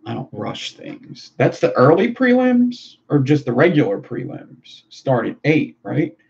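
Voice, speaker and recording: On the high side, with huge pitch swings, a measured pace and a gravelly, darkish, slightly rough texture, this man livestreams himself building vape coils while casually swearing with his viewers. The sound is dull, lo-fi and faintly noisy.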